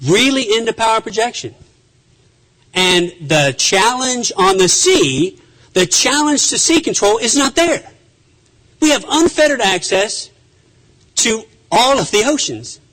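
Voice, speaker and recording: A man's voice: sits high, a bit bright, poor audio. A man who is a naval officer, giving an emphatic conference speech and often repeating phrases with restarts.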